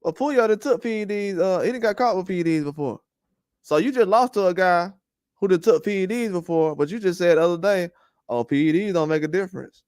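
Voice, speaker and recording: Male boxing host, high smooth voice, dry close sound, loose rambling trash talk. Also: a little fast, no room sound. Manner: animated, rambling trash talk with frequent laughs. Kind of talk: casual boxing commentary livestream.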